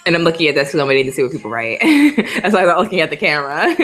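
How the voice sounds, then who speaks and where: A woman's voice: on the low side, sing-song, fast, fairly bright tone, breathy edge, faint music behind. A woman in her twenties from the Bronx with a light New York accent, chatting casually and laughing a lot on a live stream. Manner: chatty, laughs often, reads viewer comments. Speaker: livestream host.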